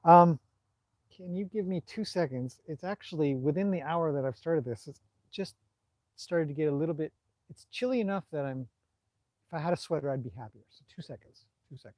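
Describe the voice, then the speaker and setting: Relaxed Canadian man chatting on a live stream. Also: a little high, a little fast, no echo. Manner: relaxed, rambling, reads out viewer comments. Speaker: horse trainer hosting a live stream. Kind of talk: casual live-stream chat. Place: outdoors at a stable in the evening.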